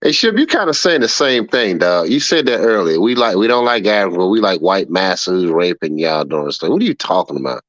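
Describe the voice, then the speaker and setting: A man's voice: lowish voice, sing-song, a little fast, few pauses, a bit bright, no echo, muffled recording. A man hosting a livestream and reading chat aloud, laughing often, repeating himself and scolding a viewer. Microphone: streaming setup mic.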